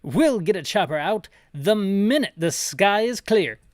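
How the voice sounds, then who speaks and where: A man's voice: high-pitched, expressive, a little slow, no room sound, studio quality, voice pushed up. A man voicing a pompous male headquarters radio officer in a put-on British accent, with stiff, formal radio talk. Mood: clipped formal. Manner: stiff, formal radio talk, calls people governor and squire.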